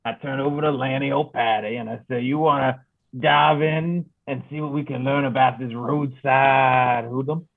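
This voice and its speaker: A man's voice: mid-range voice, steady tone, moderate pace, gravelly. Easygoing guy player, sounds like a phone call. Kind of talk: casual tabletop game chat. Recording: tinny phone-like line.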